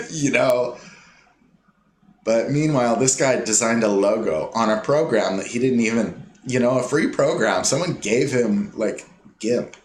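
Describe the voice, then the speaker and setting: A man delivering a rambling, scornful ranting monologue, mocking other people in quick put-on impressions. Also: medium pitch, a little hiss or hum. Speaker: commentator. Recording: echoey room with faint ambience.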